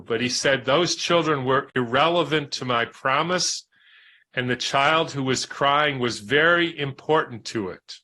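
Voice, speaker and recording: A man reading a book aloud in a measured, reflective way, pausing for spoken asides. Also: mid-range voice, bright, forceful tone. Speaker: reader and commentator.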